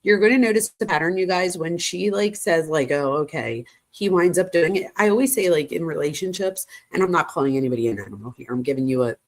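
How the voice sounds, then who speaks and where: A woman's voice: fairly low pitch, quick pace, hardly any pauses. A woman hosting a true crime channel, chatting casually with viewers and adding frequent asides as she reads through text messages. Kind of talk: casual commentary reading text messages aloud.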